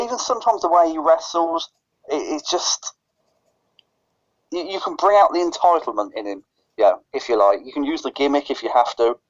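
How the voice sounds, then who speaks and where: A man co-hosting a podcast in casual chat, often stuttering and restarting his phrases. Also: on the high side. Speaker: podcast co-host. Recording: lo-fi dull recording.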